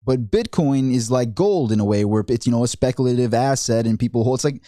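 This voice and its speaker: A man's voice: mid-range voice, animated, brisk, hardly any pauses, warm tone, no room sound, studio quality. Indignant, sarcastic male vlogger. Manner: sarcastic, indignant, stammering restarts. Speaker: finance vlogger. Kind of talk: ranting commentary vlog.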